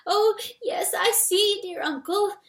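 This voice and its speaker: Woman voicing a squeaky little mouse. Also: takes it slowly, a bit bright, exaggerated voice. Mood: pleading. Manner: squeaky, pleading. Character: young timid male mouse nephew. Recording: echoey room, distant mic.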